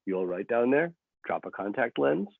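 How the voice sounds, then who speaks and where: A man's voice: mid-range voice, sing-song, normal speed, gravelly, no echo, voice pushed up. A man reading a story aloud, voicing a sarcastic, mocking teenage boy who is a hospital patient, over a lo-fi phone-like line.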